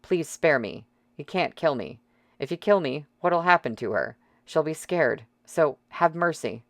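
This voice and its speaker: A man doing a shrill, wailing desperate woman. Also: lively intonation, measured pace, creaky, fairly bright tone, no room sound, full character voice. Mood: pleading. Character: panicked desperate woman, caregiver turned captor.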